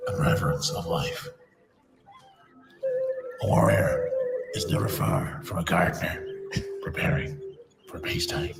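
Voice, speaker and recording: A man voicing a solemn male warrior sage in a slow, grave film-actor impression, through a deepening voice filter. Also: creaky, exaggerated voice. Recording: echoey voice over loud music.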